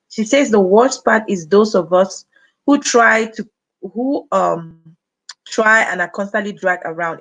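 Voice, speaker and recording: A woman's voice: mid-range voice, a bit bright, rough recording. A woman with a Cameroonian accent, in her thirties, hosting a casual livestream and talking directly to viewers as she reads out their comments. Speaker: livestream host.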